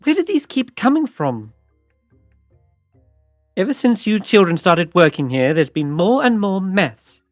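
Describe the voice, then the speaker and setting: A man voicing a stern, nagging female overseer in a shrill falsetto. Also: sing-song, measured pace, pauses often, no echo, studio quality, faint music behind. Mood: scolding.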